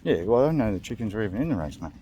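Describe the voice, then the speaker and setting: A man's voice: lowish voice, big pitch swings, racing, dark tone, muffled recording, a little hiss or hum. A young Australian man rambling through a comedic vlog, crude and joking, often laughing. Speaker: vlog host.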